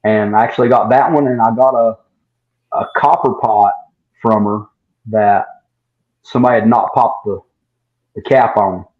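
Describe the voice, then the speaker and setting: A man's voice: lowish voice, steady tone, moderate pace, long pauses. A man telling a long story in casual chat, full of "I was like" asides, as a guest distiller. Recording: dull lo-fi sound.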